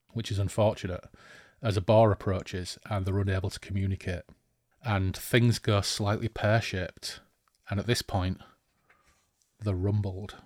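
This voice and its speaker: A man's voice: lowish voice, no echo, studio quality. A man co-hosting a podcast, chatting keenly about a fantasy novel and reading passages aloud. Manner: enthusiastic, chatty. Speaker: podcast co-host. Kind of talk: book discussion and reading aloud.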